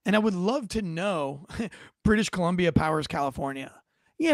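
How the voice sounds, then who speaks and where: A brash American man hosts a political talk show. His voice sits high but carries a gravelly rasp, and he swears freely and turns sarcastic. The sound is dry and close. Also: no echo. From United States. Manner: brash, profane and sarcastic, mocks others in put-on voices. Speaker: political commentary host. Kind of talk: casual political commentary.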